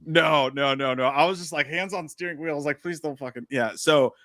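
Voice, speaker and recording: A man's voice: a little high, fairly quick, bright, forceful tone, no room sound, studio quality. A man co-hosting a podcast, telling a story in casual chat, acting out quotes and swearing a lot. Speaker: podcast co-host.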